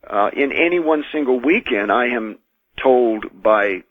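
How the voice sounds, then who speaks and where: An American man speaks as a radio interview guest over a tinny phone line. His voice is slightly husky and dry, and he tells his stories earnestly, restarting phrases as he goes. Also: medium pitch, expressive, dry recording. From United States. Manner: measured, earnest storytelling with frequent restarts. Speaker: exorcist and minister, radio guest. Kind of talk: radio call-in interview, recounting experiences. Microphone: telephone.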